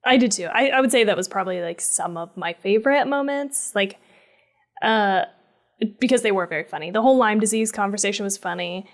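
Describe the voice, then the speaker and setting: A woman's voice: mid-range voice, brisk. A woman co-hosting a casual podcast, chatting about a horror film with frequent "like" fillers. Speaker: podcast co-host. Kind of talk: casual movie review chat.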